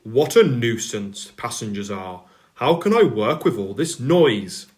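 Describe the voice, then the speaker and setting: A man's voice: mid-range voice, lively intonation, measured pace, lightly acted. A man voicing a stern, portly older railway boss in a storybook reading, firm and commanding.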